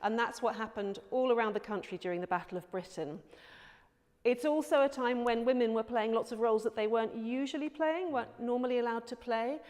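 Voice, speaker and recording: An older woman speaking in a documentary interview, measured and reflective, as a theatre director. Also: a little high, a little mellow. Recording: long reverberant hall sound.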